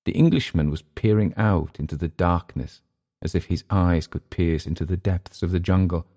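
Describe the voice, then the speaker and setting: A man reading a vintage short story aloud in steady, measured narration. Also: low-pitched.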